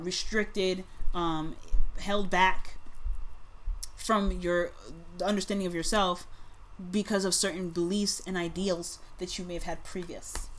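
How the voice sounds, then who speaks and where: A woman giving a casual tarot reading to her viewers. She speaks bluntly, swears freely, and swings between soft musing and loud outbursts. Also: mid-range voice, a little hiss or hum. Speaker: tarot reader.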